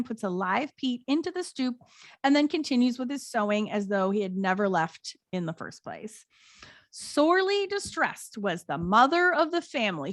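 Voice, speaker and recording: A woman's voice: high-pitched, no echo. An American woman co-hosting a podcast, casually retelling an old folk tale and reading passages aloud. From United States. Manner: animated storyteller, reads out old tale with put-on voices. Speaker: podcast co-host.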